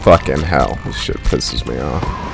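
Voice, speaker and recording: A man's voice: very deep voice, measured pace, vocal fry, over loud music. A man giving irritable, profanity-heavy commentary while playing a video game. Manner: irritable, swears constantly. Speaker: gameplay streamer. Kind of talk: let's play commentary.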